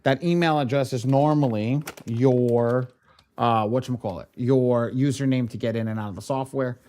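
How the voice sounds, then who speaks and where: A man acting as software trainer, speaking casually and in slang straight to the viewers of a live online class. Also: medium pitch, fairly even intonation, moderate pace.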